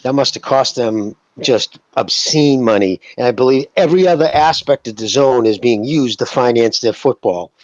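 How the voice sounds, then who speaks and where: A man's voice: medium pitch, expressive, moderate pace, few pauses, no room sound. Male podcast co-host, heated and profane, muffled dry audio. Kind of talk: casual podcast chat.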